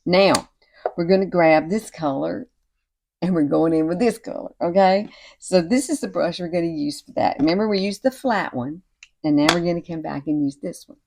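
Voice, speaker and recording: A woman, chatting warmly and encouragingly through a makeup tutorial at home. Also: fairly low pitch, moderate pace. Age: 60s. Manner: chatty and encouraging, often says y'all and girl. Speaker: beauty vlogger. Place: home at night with cicadas outside.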